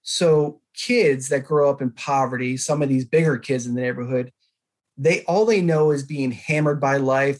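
A man as a podcast guest, telling a life story in an earnest, animated way. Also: mid-range voice, normal speed. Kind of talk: conversational interview.

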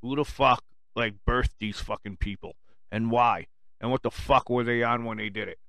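Male radio host, profane angry rant, sarcastic, smooth clear voice, dry close sound. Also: mid-range voice, fairly even intonation, moderate pace, no room sound. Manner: swings from muttering to shouting.

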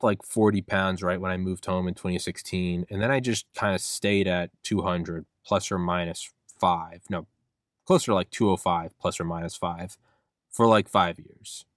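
A man's voice: low-pitched, fairly bright tone, dry recording, clean studio sound. A young man hosting a solo podcast rant, rambling and swearing, acting out his own inner voice. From United States. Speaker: podcast host.

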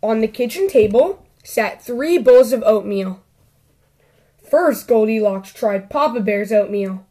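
A woman hosting a children's story show, reading a story aloud in a deliberate storytelling manner. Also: medium pitch, expressive, a little mellow. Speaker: host.

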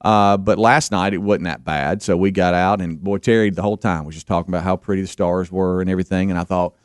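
A middle-aged man, co-hosting a morning radio show and telling a story in a lively, chatty way. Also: fast talker, smooth, no room sound, clean studio sound. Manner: animated storyteller, acts out quoted people with higher pitch. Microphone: studio microphone.

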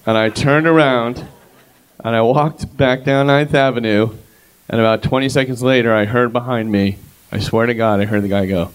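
A man's voice: mid-range voice, steady tone, moderate pace, clear, resonant tone. A middle-aged man telling a self-mocking personal story on stage before a live audience. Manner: rambling, self-mocking, conversational.

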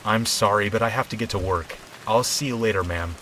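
A polite young woman, uneasy and apologetic, read in a man's own deep voice. The voice stays low and plain, with gentle rain pattering in the background. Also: a little slow, slight background noise, poor audio. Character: polite young woman, nervous new tenant. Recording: soft rain behind.

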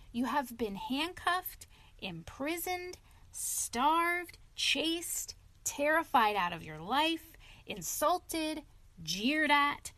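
A woman's voice: fairly high pitch, fairly bright tone. A woman voicing a sensible male water rat who lectures his friend earnestly in a storybook reading.

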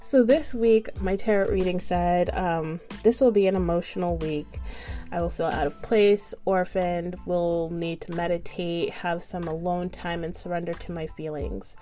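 A woman's voice: fairly low pitch, normal speed, faint music behind. A young adult woman telling a frustrated storytime, swearing freely and laughing often. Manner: profane, animated, laughs often. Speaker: vlogger. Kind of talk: casual storytime monologue.

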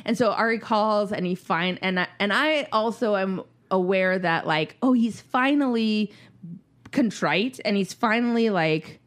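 A woman's voice: mid-range voice, measured pace. A woman in her thirties telling a family story in casual podcast chat, swearing freely and acting out what people said. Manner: animated, swears freely, acts out quotes.

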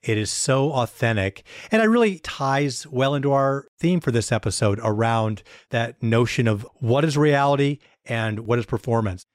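A man's voice: mid-range voice, moderate pace, few pauses, no room sound, studio quality. A man hosting an interview show, thanking his guest and reflecting casually. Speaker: host.

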